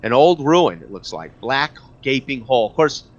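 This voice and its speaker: A man's voice: mid-range voice, big pitch swings, highs cut off. A man narrating a tabletop game as game master, stumbling through restarts and fillers as he describes the scene. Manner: halting, many restarts and fillers.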